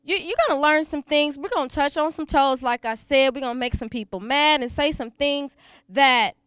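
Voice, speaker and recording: A woman's voice: high-pitched, moderate pace, fairly bright tone, no echo. A woman hosting a talk show, outspoken and playful, gushing with praise for her guests. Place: school venue.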